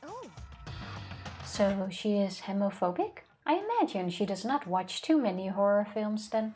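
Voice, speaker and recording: A woman co-hosting a let's play, playful and quick to laugh, reading game lines aloud. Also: medium pitch, big pitch swings, a little mellow, faint music behind.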